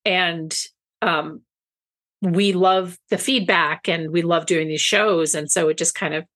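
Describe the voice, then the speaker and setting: A woman's voice: on the low side, steady tone, takes it slowly, fairly bright tone. A woman co-hosting a podcast, chatting in a rambling, friendly way, often restarting her sentences. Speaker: podcast co-host. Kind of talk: casual podcast chat.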